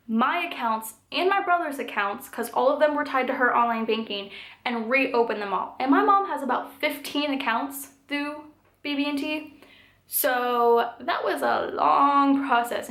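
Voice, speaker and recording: Casting note: a woman in her twenties, slightly high voice, chatty storyteller recorded in a roomy, echoey space. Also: fairly bright tone. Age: 20s. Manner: chatty, filler-heavy telling with frequent "like" and "um". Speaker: vlogger. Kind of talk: storytime vlog. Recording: echoey room.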